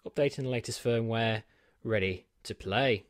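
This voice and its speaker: In a small home studio, a British tech reviewer unboxes a gadget and walks through its set-up, chatty and self-deprecating with plenty of ums. His voice is mid-range and moderately paced, and the recording is dry.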